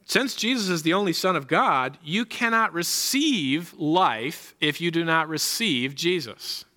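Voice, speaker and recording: Man, pastor, sermon, high voice, emphatic, repeats points, rhetorical questions. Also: lively intonation, measured pace, bright, forceful tone.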